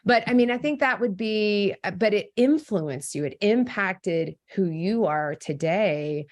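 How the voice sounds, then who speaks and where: A woman's voice: medium pitch, lively intonation, unhurried. A woman co-hosting a podcast, asking questions conversationally with frequent restarts. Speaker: podcast co-host. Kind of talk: conversational interview.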